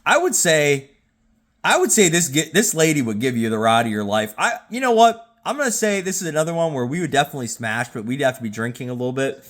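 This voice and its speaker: A tipsy man talks loosely into his phone at home, repeating himself and tripping over words. His casual delivery now and then jumps into loud, excited outbursts. His voice sits at an ordinary middle pitch. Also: fast. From Jacksonville, Florida. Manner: rambling, stammering, with bursts of excited loudness. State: tipsy from drinking. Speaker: YouTube host. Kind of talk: casual rating commentary.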